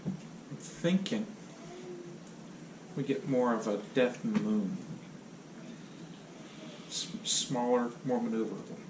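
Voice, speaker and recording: A man playing a tabletop game, cracking jokes in a slow, easy way. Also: medium pitch. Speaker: player. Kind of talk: joking table talk. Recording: echoey room, speaker far from mic, noisy.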